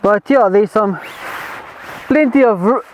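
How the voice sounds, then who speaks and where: High-voiced man camping outdoors. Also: slow pace, highs cut off, slight background noise. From South Africa. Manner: rambling, many fillers and restarts. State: out of breath. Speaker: outdoor gear vlogger. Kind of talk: casual camping vlog. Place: outdoors in bushveld at dusk.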